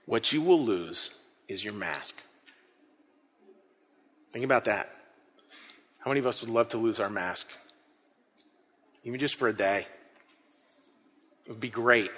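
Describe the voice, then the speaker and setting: A man preaching an interactive sermon, earnest and animated, often repeating his words as he speaks to the congregation. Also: fairly low pitch, measured pace, long pauses, slightly rough. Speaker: pastor. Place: church hall. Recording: long hall reverb.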